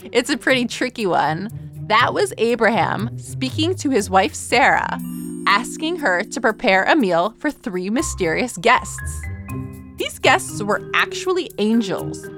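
A woman's voice: fairly high pitch, sing-song, measured pace. A woman hosting a children's show, narrating in a playful, jokey, teacherly way. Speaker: kids' show host. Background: background music.

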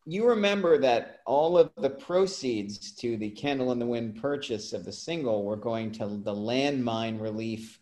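A man co-hosting a casual chat, telling animated anecdotes with quick asides. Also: mid-range voice. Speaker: podcast co-host.

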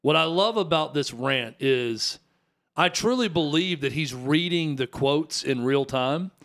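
Male co-host, slightly high voice, casual amused sports chat. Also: animated, measured pace, a bit bright. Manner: chatty, amused, explains context. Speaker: radio co-host.

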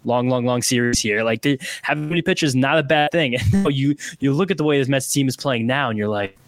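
A man co-hosting a podcast in casual sports chat, excitable and full of fillers. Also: medium pitch. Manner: excitable, rapid, lots of fillers. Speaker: podcast co-host. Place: Brooklyn room.

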